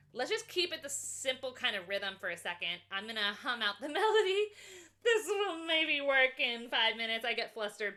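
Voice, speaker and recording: A young woman teaching a music lesson over a video call, chatty and casual, counting beats and humming melodies. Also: a little high. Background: cello playing.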